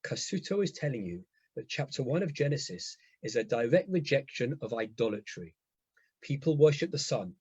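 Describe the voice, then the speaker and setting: A man's voice: medium pitch, animated, normal speed, a little mellow, husky, dry recording, muffled recording. A man giving an enthusiastic lecture as a rabbi, often checking in with his listeners. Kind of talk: lively lecture to a congregation.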